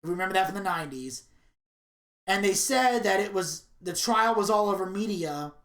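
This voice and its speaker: A woman co-hosting a podcast, telling rambling, profane stories in casual chat. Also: lowish voice. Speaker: podcast co-host. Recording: roomy echo.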